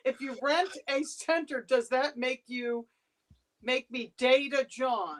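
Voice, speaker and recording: A woman from the United States hosting a casual video-call chat, bubbly and quick to laugh. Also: high-pitched, expressive. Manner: bubbly, laughs easily, chatty. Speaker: host.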